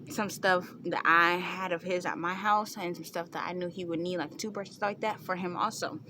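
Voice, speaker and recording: A woman's voice: mid-range voice, background noise. A young woman vlogger casually telling a story to the camera, chatty, with frequent laughter. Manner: chatty, laughing often, many fillers.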